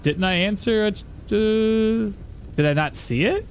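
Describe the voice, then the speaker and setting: A man's voice: high-pitched, very animated, brisk, slight background noise. A man chatting casually on a live stream, talking to himself and answering chat while he plays. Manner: chatty, talks to himself and reads chat aloud. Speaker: game streamer.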